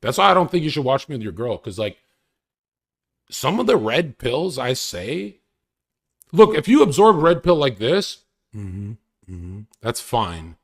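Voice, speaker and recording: A young man rants on a live stream with crude boasts and frequent laughter. His pitch swings widely as he talks, and his delivery is loose and casual. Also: big pitch swings, normal speed, creaky, long pauses. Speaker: livestreamer.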